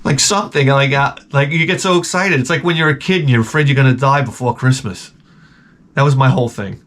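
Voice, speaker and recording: A middle-aged man telling stories in a casual vlog, profane and animated, ranting and acting out his own exasperated reactions. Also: medium pitch, a little fast, a little hiss or hum. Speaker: vlogger showing garage sale finds.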